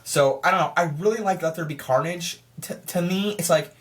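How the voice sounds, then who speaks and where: Talking briskly at an ordinary middle pitch, the film reviewer keeps things loose and vlog-like, stammering and restarting mid-sentence. He's excitable and frustrated, stacking up rhetorical questions he poses to himself.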